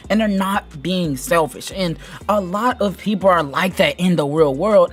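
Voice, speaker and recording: Male anime commentator, slightly high pitch, loose rambling delivery, soft music bed. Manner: rambling, filler-heavy, animated. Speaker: anime video host.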